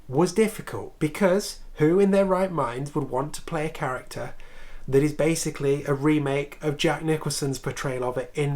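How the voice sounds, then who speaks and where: A man's voice: on the high side, moderate pace, a little mellow. A man hosting a casual film review video, chatty and opinionated, with sarcastic swearing asides.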